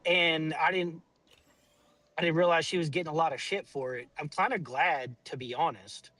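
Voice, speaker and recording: A man's voice: a little high, moderate pace, pushed and bright, dry recording, low-quality recording. A middle-aged man telling a family story in casual chat, blunt and rambling, swearing often.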